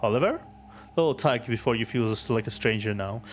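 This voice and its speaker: A man streaming a game, reading its story aloud in steady narration with offhand asides. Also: mid-range voice, fairly quick, a little hiss or hum.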